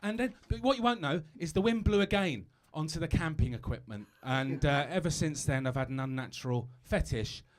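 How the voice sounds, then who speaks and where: A man's voice: a little high, fairly quick, few pauses. A British man doing a stand-up comedy set on a live stage, chatty and self-mocking, stumbling over asides.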